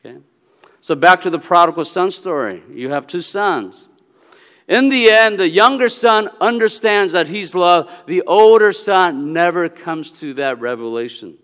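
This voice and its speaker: A pastor from the United States gives a sermon and tells a personal family story in an earnest way, often checking in with "Okay?". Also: male voice, high-pitched, expressive, unhurried, fairly bright tone. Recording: long reverberant hall sound.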